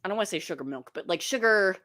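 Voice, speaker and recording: Animated teasing woman streamer. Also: medium pitch, crowd noise. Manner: animated, teasing, quick asides. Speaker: livestream host. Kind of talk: casual roast chat.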